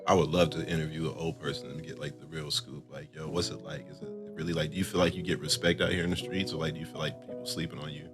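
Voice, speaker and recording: A man's voice: a bass voice, level tone, quick pace, hardly any pauses, over music. A young man hosting a podcast, chatting in a laid-back way and filling his talk with "like" and "you know what I'm saying". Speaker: podcast host. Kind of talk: casual chat.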